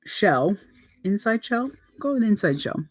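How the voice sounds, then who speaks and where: A woman's voice: medium pitch, very animated, a little slow, breathy edge. A woman vlogger chatting casually and telling anecdotes while talking through her sewing steps.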